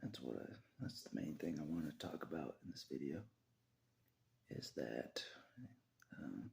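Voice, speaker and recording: Brief: man, vlogger, deep gravelly voice, rambling monologue that slips into whispers. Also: unhurried, darkish tone. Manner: rambling, laughs often, drops into whispers.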